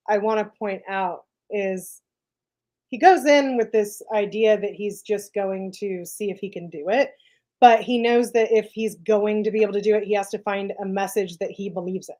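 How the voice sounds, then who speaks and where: A woman's voice: medium pitch, moderate pace, warm tone. A woman co-hosting a conversational podcast, talking through ideas in a loose, chatty way. She leans on "like" and "right?" often and circles back as she thinks. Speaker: podcast co-host. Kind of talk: casual discussion.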